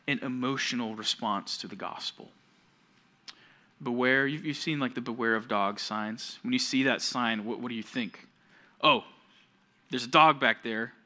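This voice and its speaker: A young adult man preaching a sermon to junior high students as their youth pastor, telling stories and acting out the voices of the people in them. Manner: animated storytelling that acts out quoted voices.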